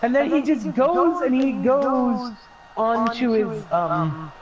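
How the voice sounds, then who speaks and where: Animated high-voiced laughing man. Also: slow, muffled recording, over a noisy crowd. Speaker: podcast co-host telling a story. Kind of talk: casual chat.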